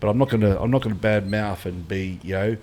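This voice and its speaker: A middle-aged Australian man with a fairly low voice tells fight stories in a blunt, sweary way. He drops into quoted lines as he goes, and the chat stays relaxed and unscripted. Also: quick pace. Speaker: guest, former fighter. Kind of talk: casual podcast chat.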